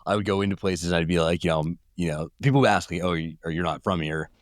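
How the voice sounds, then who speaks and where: A male journalist from California, with a Californian accent, rambles as an interview guest in casual talk, acting out people he met. His low voice moves fast, and the recording is dry.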